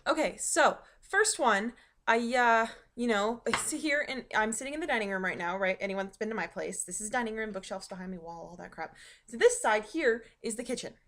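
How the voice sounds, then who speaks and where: A woman's voice: on the high side, lively intonation, brisk, fairly bright tone, slight background noise. A young woman vlogging from her dining room at home, telling rambling stories full of ums and likes. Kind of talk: casual storytelling vlog.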